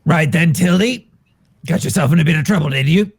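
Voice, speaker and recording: A player voicing a gruff pirate captain in a tabletop game, blustering with pirate swagger. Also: mid-range voice, brisk. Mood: brash.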